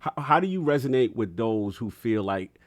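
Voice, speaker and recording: A man hosting a gaming podcast in relaxed casual chat, asking questions. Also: mid-range voice, moderate pace, dry recording, clean studio sound. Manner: relaxed, asks questions, many backchannels. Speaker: podcast host.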